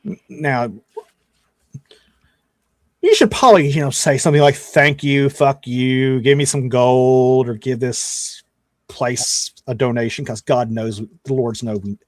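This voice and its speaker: A man's voice: mid-range voice, measured pace, darkish tone, no room sound, studio quality, natural voice. A man voicing a scornful, foul-mouthed male cleric who grumbles sarcastically at adventurers in a tabletop game. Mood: sarcastic.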